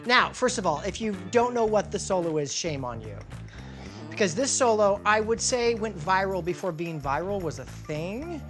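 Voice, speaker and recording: A woman's voice: mid-range voice, animated, normal speed, music in the background. A woman hosting a casual interview, enthusiastic and gushing as she sets up each story. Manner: enthusiastic, sets the scene, fan-like. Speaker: host.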